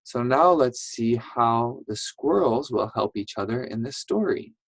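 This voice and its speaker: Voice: medium pitch, lively intonation, a little slow, creaky, breathy edge, dry recording, poor audio. A teacher giving a reading lesson to young children, patient and encouraging, checking in often. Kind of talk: online reading lesson for first graders.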